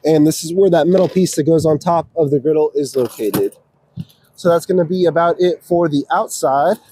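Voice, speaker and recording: A man's voice: on the high side, a little hiss or hum. Practical man giving an RV walkthrough. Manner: steady, practical, explaining controls step by step. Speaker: RV dealership salesperson giving a walkthrough. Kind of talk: casual walkthrough demonstration. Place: outdoors around an RV, then inside it.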